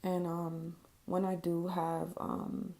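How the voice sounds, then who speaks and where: A woman with a low, gravelly, mellow voice speaks slowly and in a monotone. She's a vlogger doing a casual makeup tutorial voice-over, candid, swearing freely, with lots of ums.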